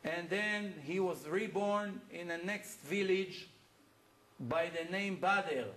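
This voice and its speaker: A man's voice: high voice, slow pace, a bit bright. A man lecturing as a rabbi, telling stories in a plainspoken way. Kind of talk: lecture to an audience.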